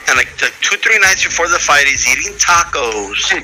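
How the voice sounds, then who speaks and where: Lively, bright-voiced male podcast host. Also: fairly high pitch, normal speed, soft background music, poor audio. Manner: animated, laughing, mimics others. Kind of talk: casual panel chat.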